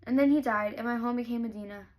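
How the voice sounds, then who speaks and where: A woman's voice: fairly high pitch, fast talker, dull audio, close to an everyday voice. A woman reading aloud the lines of a tough, guarded young woman from a novel, in close to her own voice. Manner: read aloud from a novel, lightly acted.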